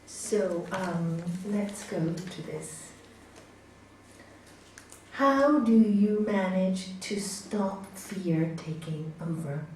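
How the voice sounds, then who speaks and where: A woman teaching a spiritual yoga class in a gentle, chatty way, laughing often and acting out inner voices. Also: fairly low pitch, extremely slow, a little hiss or hum. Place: large hall. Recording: echoey hall from far off.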